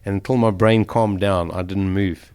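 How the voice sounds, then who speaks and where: A middle-aged man speaks as an interview guest, recounting his ordeal vividly and with feeling. His voice sits a little low. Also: steady tone, normal speed, a little mellow, smooth. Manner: emotional, vivid retelling of a survival ordeal. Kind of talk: storytelling in an interview.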